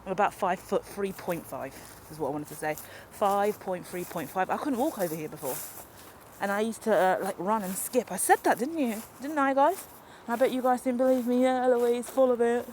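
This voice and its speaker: A woman's voice: mid-range voice, a little fast, slight background noise. Brief: woman, walk-and-talk vlogger, chatty and self-mocking, recorded outdoors on a handheld camera. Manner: rambling, animated and self-mocking. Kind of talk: unscripted walk-and-talk vlog. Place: outdoors in a park or woodland. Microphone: handheld camera while walking.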